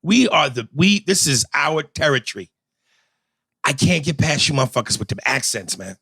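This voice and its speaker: Male co-host, casual chat, blunt and profane, bright and slightly high. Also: lively intonation, normal speed, creaky, slightly rough, dry recording. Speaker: podcast co-host.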